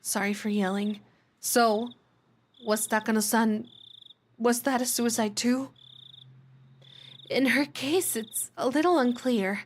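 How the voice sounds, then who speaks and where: Lively young woman streamer. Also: a little high, slow pace, pauses often, slight background noise. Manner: animated, gasps and laughs often. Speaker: streamer voice-acting a visual novel. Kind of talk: casual live-stream chat.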